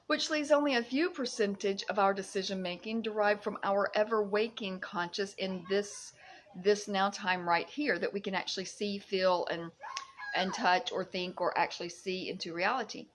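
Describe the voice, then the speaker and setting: A woman's voice: mid-range voice, normal speed, a little hiss or hum. A woman live-streaming a casual chat to her viewers from her home, bubbly and exclamatory, often breaking into giggles. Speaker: livestream vlogger. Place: at home in Fiji.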